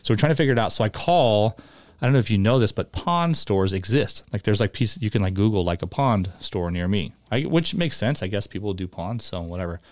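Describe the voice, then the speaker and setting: A man's voice: fairly low pitch, lively intonation, a little fast, dry recording. A young man co-hosting a podcast, casually telling jokey stories and quoting the people in them. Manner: storytelling, quotes people, jokey. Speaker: podcast co-host. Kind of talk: casual chat.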